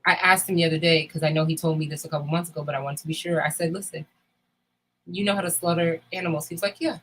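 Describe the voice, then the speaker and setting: A woman's voice: low voice, fairly even intonation, fast, poor audio. A woman in candid casual chat, talking bluntly and emphatically with frequent swearing. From United States.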